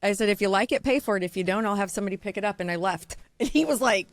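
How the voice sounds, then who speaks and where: A woman from Iowa, a diamond dealer, telling a story in casual podcast chat, blunt, profane and fast-talking. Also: mid-range voice, dry recording. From Iowa, USA.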